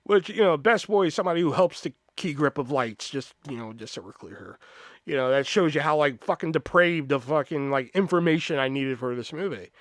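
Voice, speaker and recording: Recorded dry at studio quality, a man in his thirties with a voice on the high side hosts a podcast. Brisk and animated, he spins meandering, profanity-heavy comic anecdotes.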